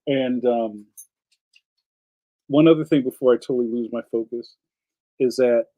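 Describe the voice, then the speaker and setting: A man's voice: medium pitch, fairly even intonation, unhurried, warm tone, poor audio. A man from Philadelphia hosting a casual live stream, rambling from topic to topic and answering viewer comments. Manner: rambling, jumps between topics. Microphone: streaming setup.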